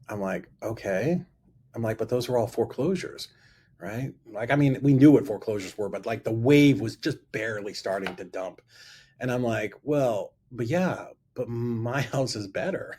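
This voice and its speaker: A man telling an animated story about his past, acting out both sides of a conversation. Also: medium pitch, breathy edge. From Florida. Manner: lively storyteller who acts out both sides of dialogue. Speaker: guest investor telling a story. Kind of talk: animated anecdote on a talk show.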